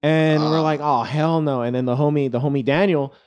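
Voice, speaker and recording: A man's voice: on the high side, fairly quick, clear, resonant tone, lo-fi sound. A young man casually telling a rowdy party story to friends, swearing, laughing and acting out what people said. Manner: animated, laughing, swearing, acts out quotes.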